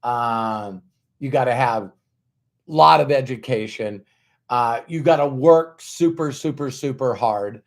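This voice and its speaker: A man's voice: medium pitch, slow. A man giving a motivational talk, telling stories in a conversational way, repeating words for emphasis and acting out quoted dialogue with rhetorical questions. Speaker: motivational speaker.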